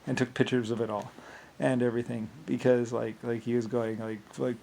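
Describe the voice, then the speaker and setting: A man's voice: fairly low pitch, completely flat delivery, a little fast, creaky, darkish tone, rough recording. A man in a casual, rambling rant, scornful, full of restarts and fillers.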